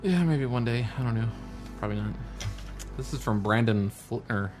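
A man's voice: mid-range voice, normal speed. Male podcast co-host, casual joking banter, faint music underneath. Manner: joking, laughs while mimicking message boards. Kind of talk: casual chat.

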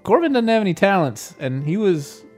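Joking co-host with a lively voice. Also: male voice, sits high, faint music behind. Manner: joking, quick to tease. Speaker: podcast co-host. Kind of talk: casual podcast chat.

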